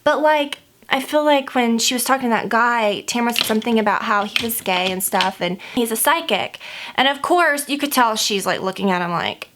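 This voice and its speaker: A woman's voice: on the high side, normal speed, noisy background. A woman, a beauty vlogger, gossiping in casual chat while she does her makeup, rambling and saying "like" a lot. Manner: chatty and rambling, heavy use of "like".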